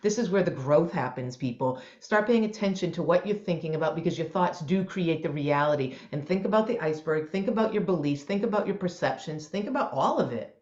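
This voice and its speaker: Lively motivational woman in a roomy space. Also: fairly low pitch, fairly quick. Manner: enthusiastic, motivational, animated storytelling. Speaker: co-host, mindset coach. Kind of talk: casual podcast chat. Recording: roomy, dull lo-fi sound.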